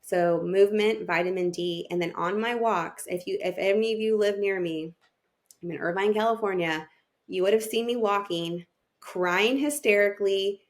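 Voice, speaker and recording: With a mid-range voice at normal speed, a woman who is a family therapist appears on a podcast as a guest. Her storytelling is candid and emotional, and she re-enacts her past thoughts as she goes.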